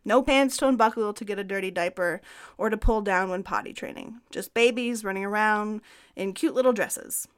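Brief: a woman podcast co-host, mid pitch, conversational scripted history narration. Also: normal speed, clean tone.

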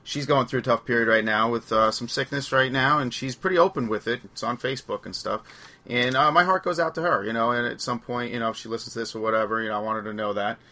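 A man's voice: mid-range voice, fast talker, pushed and bright. A man hosting a casual podcast chat, telling anecdotes in a loose, rambling way and laughing as he goes. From Long Island, New York. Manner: chatty storyteller, laughs through anecdotes. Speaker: podcast host.

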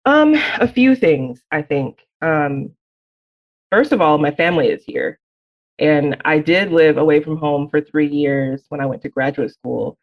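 A young adult author from Alabama, answering interview questions thoughtfully with many pauses. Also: mid-range voice, lively intonation. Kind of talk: reflective conversational interview answers. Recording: slightly dull, lo-fi sound.

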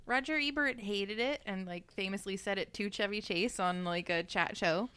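Woman hosting her own podcast, smooth clear voice, dry teasing humor, no room sound. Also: mid-range voice, normal speed, sharp tone, no echo. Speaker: podcast host. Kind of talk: casual chat.

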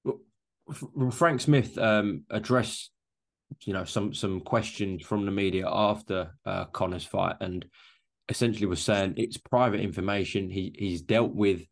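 A man hosting a podcast interview, asking brief, measured questions. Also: lowish voice, creaky.

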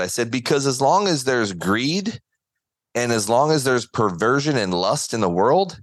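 A man's voice: medium pitch, lively intonation, moderate pace, dry recording. A man, a guest on an interview podcast, telling a story earnestly and acting out the quotes. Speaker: guest, former baseball pitcher. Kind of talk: conversational interview.

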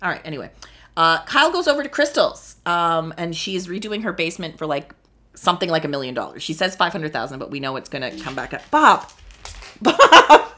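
A young woman talks through a reality show on her own, snarky and swearing freely. Her voice is bright and forceful and leaps around in pitch. She keeps the pace loose and casual, breaking into sudden high exclamations. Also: expressive, fast. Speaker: podcast host recapping a reality show. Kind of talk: casual solo commentary.

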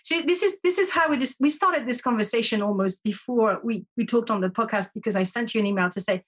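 Talking fast and with few pauses, this podcast guest has a husky, slightly high voice. A native French speaker who teaches intuition, she earnestly lays out her ideas in a conversational interview, often restarting her sentences.

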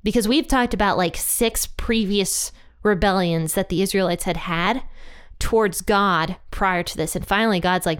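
A woman leads a casual Bible study in a relaxed, chatty way, often laughing and giving the quoted lines a playful voice. Her voice is smooth and clean, at an ordinary middle pitch for a woman. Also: moderate pace. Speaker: Bible teacher.

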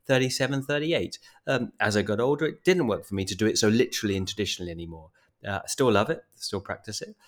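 Middle-aged male podcast host, low voice, quick rambling delivery full of fillers. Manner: rambling, many restarts and fillers. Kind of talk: casual podcast talk. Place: Bali.

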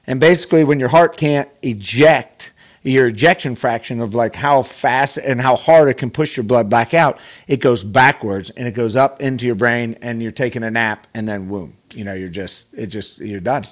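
A man guest on a podcast, telling a personal story in a casual, animated way with many restarts. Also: mid-range voice, moderate pace. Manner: animated, acts out quoted voices, many restarts. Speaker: podcast guest, pro golfer.

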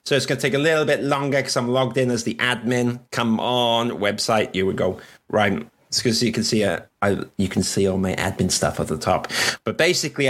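Chatty Welsh host, rambling. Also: male voice, mid-range voice. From Wales. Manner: chatty, rambling, laughs often. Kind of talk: casual livestream chat.

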